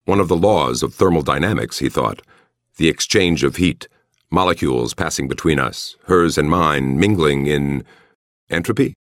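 A man narrating an audiobook in a measured, expressive way. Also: very deep voice, no echo, clean studio sound. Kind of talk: scripted narration.

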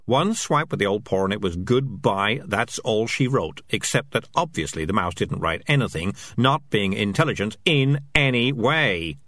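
A man's voice: on the low side, animated, fairly bright tone, no room sound. A man voicing a smug, glib male talking tomcat who justifies himself at length in an audiobook. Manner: fast-talking, self-justifying. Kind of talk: audiobook character voice.

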